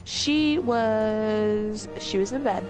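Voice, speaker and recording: A woman's voice: mid-range voice, drawn-out words, over music. A woman telling comedic stories in a casual, rambling way, laughing often and swearing freely. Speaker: storyteller host.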